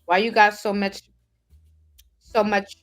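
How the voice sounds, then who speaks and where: A woman's voice: mid-range voice, flat delivery, takes it slowly. Emphatic woman preaching over faint music. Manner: direct, streetwise address to listeners. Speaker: spiritual life coach. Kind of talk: spiritual motivational talk.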